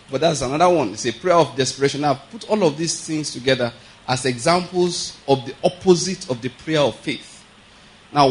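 Male preacher, mid-pitched, chatty sermon delivery with constant check-ins. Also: rough recording. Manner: conversational teaching with frequent check-ins and chuckles.

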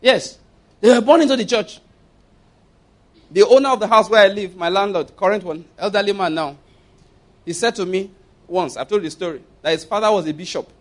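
Man preaching, slightly higher voice, emphatic storyteller, jokes and quotes. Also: brisk, long pauses. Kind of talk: sermon.

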